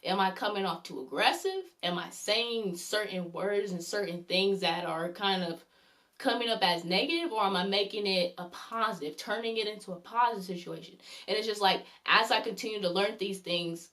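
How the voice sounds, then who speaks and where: A woman's voice: mid-range voice, normal speed, a bit bright. A woman giving a spoken devotional talk as a faith vlogger, earnest and rambling, often repeating a praise phrase and her own points. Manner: repeats "glory be unto the Lord" often.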